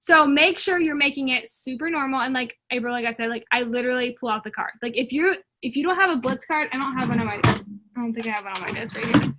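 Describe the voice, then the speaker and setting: A woman's voice: high-pitched, fast, pushed and bright. Young woman, team leader, casual motivational chat with lots of "like", upbeat and pushy, video-call mic. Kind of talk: casual pep talk.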